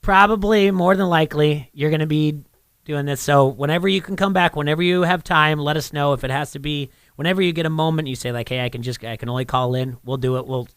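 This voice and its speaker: A man's voice: fairly high pitch, fast, clean tone, no room sound. Laughing man telling a story on radio. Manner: animated storytelling, laughs often. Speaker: sports radio co-host. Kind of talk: casual radio banter.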